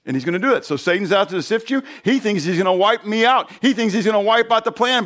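Man preaching, kinda high voice, lively, asks the crowd stuff a lot. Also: fast talker, few pauses. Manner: animated preaching, rhetorical questions, acted-out dialogue. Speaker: pastor. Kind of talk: sermon.

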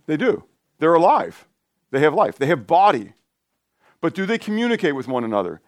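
A man preaching an informal sermon in a conversational, rambling way, with asides and restarts that turn lively and high when he gets excited. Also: fairly quick, no room sound, clean studio sound. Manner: lively, rising pitch when animated.

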